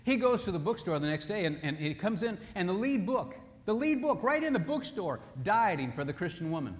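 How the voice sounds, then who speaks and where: A high-voiced male preacher delivers a sermon full of animated, humorous stories. His voice carries a long hall reverb. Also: fairly quick, a little hiss or hum.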